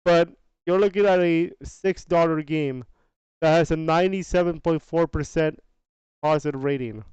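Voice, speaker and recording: A man hosting a podcast, talking casually through game sales data in an unhurried, chatty way, often restarting his phrases and dropping slangy asides. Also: a little high, a little mellow, clear, resonant tone, dry recording, dull audio. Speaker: podcast host.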